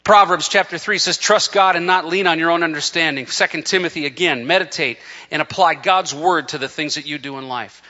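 A man preaching an impassioned sermon, often stumbling and restarting as he builds to near-shouting. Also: fairly high pitch, a little fast, few pauses, in a large hall, dull audio. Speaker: pastor.

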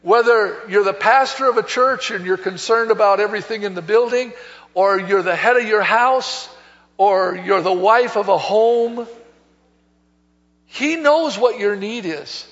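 Male pastor, high-pitched, conversational but emphatic sermon, long church echo on a dull lo-fi recording. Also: a little slow, a bit bright. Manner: conversational storytelling with emphatic exhortation. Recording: long hall reverb, dull lo-fi sound.

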